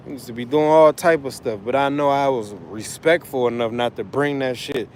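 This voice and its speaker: On a casual livestream, a trucker dad of school-age kids speaks at medium pitch and moderate speed, loose and emphatic with plenty of swearing as he rambles. A faint hiss or hum is audible.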